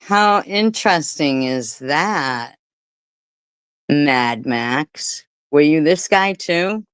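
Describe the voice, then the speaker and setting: This woman hosts a casual livestream with a slow, deliberate delivery. Her voice is smooth and clear, and the sound is dry and close. She confronts commenters with sarcasm. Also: sits low, expressive, no room sound. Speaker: livestream host.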